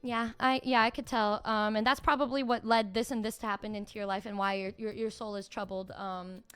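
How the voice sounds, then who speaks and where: A woman putting on a hushed pushy psychic. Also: medium pitch, steady tone, fairly quick, clean tone, voice pushed down, lightly acted. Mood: knowing. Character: pushy smooth-talking female street psychic.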